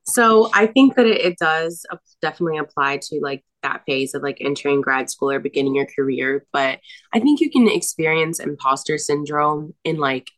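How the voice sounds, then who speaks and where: A woman's voice: deep voice, normal speed, fairly bright tone. Frank, swearing young woman podcaster. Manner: frank, swears a lot, laughs often. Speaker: podcast co-host. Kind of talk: casual chat. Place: apartment.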